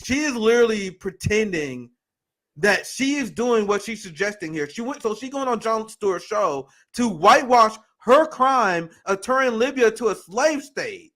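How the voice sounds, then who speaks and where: A man hosting a livestream, reacting to a video clip with heated, profane, animated ranting. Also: sits high, moderate pace. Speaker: political commentary host.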